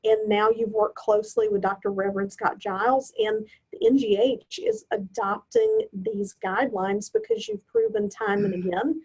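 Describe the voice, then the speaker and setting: A woman's voice: medium pitch, expressive, moderate pace, a little mellow, breathy edge, rough recording. A woman guest on a podcast, speaking earnestly and with emphasis. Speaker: guest, nurse anesthetist and hypnosis instructor. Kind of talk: casual podcast chat.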